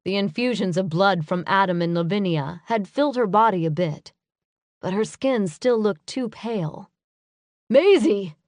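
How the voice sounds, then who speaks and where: A woman narrating a first-person urban fantasy audiobook in a measured, earnest way. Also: mid-range voice, no echo, studio quality.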